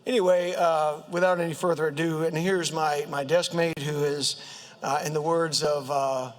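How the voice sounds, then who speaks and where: High-voiced Southern man joking at a podium. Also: level tone. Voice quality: high, squeaky voice. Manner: halting, many fillers, joking. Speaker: state legislator introducing a colleague. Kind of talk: humorous floor speech. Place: state house chamber. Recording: long reverb of a legislative chamber.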